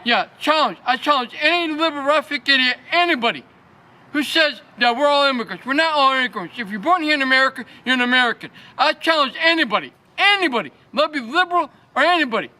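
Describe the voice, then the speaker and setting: A man from Schenectady, New York, giving an agitated, repetitive rant in a street interview at city hall, sometimes rising to shouts. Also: very high voice, animated, quick pace.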